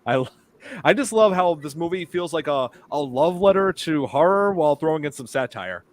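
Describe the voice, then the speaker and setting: A man's voice: on the high side, big pitch swings, moderate pace. A man hosting a podcast, chatting casually and enthusiastically about horror films, rambling with restarts. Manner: rambling, enthusiastic film fan. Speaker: podcast host. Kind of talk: casual chat.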